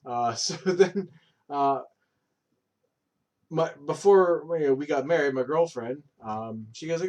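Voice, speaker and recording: A man's voice: a little high, unhurried, long pauses, a little mellow. Rambling man in his thirties. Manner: rambling, filler-heavy, profane storytelling. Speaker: streamer. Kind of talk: casual chat.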